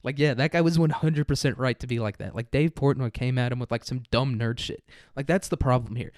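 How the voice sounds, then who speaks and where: Male podcast host, casual profane rant, mid-pitch voice, dry booth sound. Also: fairly even intonation, brisk, darkish tone, no room sound. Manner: profane, sarcastic, mocking mimicry; laughs through his own jokes. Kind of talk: casual ranting commentary.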